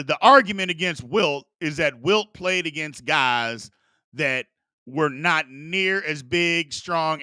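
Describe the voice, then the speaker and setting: Casting: male sports talk host, slightly high, forceful voice, insistent and repetitive, dry close mic. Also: no room sound. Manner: emphatic, repeats himself for emphasis.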